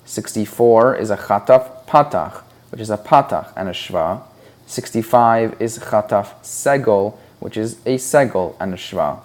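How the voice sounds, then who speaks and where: A man's voice: lowish voice, expressive, measured pace. A man teaching a Hebrew reading lesson, explaining patiently and sounding out syllables one at a time. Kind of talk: slow, deliberate instructional explanation.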